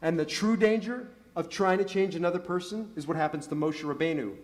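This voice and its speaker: In a synagogue sanctuary, a middle-aged rabbi delivers a sermon, telling stories and posing rhetorical questions with mounting emphasis. He speaks fairly quickly in a fairly high voice.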